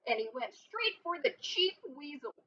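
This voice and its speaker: A woman reads a storybook aloud with lively expression and drops in short asides now and then. Her voice is bright and a bit high, and it comes through a dull, lo-fi recording with a faint hiss behind it. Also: normal speed. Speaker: reader.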